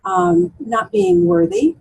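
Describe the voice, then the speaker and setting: Gravelly high-voiced woman coach. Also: little pitch movement, takes it slowly, a little mellow, low-quality recording. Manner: thoughtful, with many fillers and restarts. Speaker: coach for women. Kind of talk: interview conversation.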